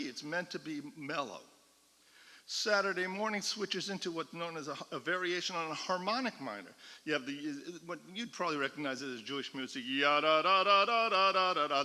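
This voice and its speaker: In a synagogue classroom or hall with long reverb, a man who is a cantor teaches through explanatory lecturing. He often checks in with those listening, and his voice is a little high, pushed and bright.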